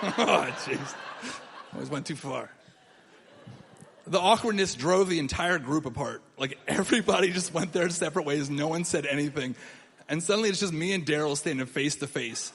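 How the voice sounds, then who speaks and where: A young man telling a long story in stand-up, animated, laughing at his own jokes and putting on voices of other people. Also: fairly high pitch, moderate pace, big-room sound, slight background noise. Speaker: comedian. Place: comedy club stage before a laughing audience.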